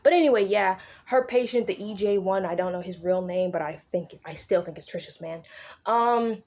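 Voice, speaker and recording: A young woman chatting casually as she recaps a novel, swearing freely and slipping into quick impressions of the characters. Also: medium pitch, darkish tone. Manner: slangy, swears freely, acts out characters' lines in quick asides. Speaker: book vlogger recapping a novel.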